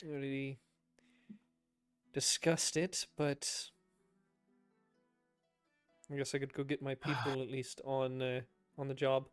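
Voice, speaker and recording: A man's voice: medium pitch, level tone, slow, long pauses, clear, resonant tone, dry recording, faint music behind. A man running a tabletop game as game master, narrating with playful asides and frequent laughter.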